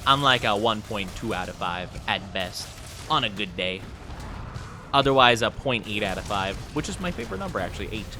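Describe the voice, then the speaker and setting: A man's voice: lowish voice, lively intonation, fairly quick, over music. A man streaming a game, chatting casually with his viewers in playful, self-deprecating banter. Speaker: gaming streamer. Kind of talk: casual live-stream chat while gaming.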